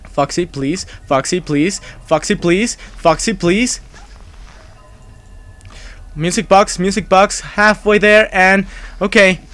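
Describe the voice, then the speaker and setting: A man's voice: high voice, slow, pauses often, a bit bright. A man speaking English as a second language, nervously commentating his live gameplay, pleading and repeating himself. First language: not English. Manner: panicky, pleading and repetitive; swears when startled. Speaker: game streamer.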